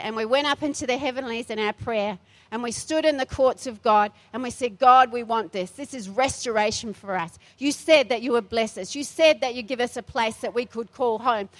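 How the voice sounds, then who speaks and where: A middle-aged woman pastor delivering a feisty, emphatic sermon in a church, repeating her phrases for force. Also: fairly high pitch.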